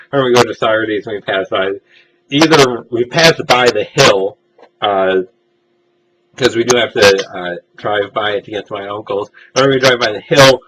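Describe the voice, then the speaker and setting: A man's voice: lowish voice, a bit bright, slight background noise, rough recording. A young man casually telling personal stories as a vlogger, rambling and self-deprecating with lots of filler uhs. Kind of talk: casual storytelling monologue.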